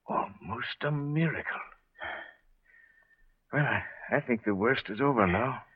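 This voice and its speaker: An actor playing a calm, grave doctor who speaks in a measured way, in a 1940s radio drama. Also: male voice, medium pitch, husky. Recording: dull 1940s radio broadcast.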